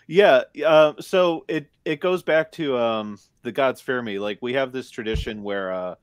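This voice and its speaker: Man, laid-back casual podcast talk, mid pitch, dry close mic. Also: measured pace, clear, resonant tone, no echo. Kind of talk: casual chat.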